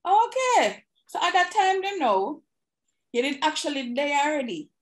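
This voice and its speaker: A woman with a Jamaican accent asking questions in a casual interview, reacting with quick exclamations. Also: high voice, expressive.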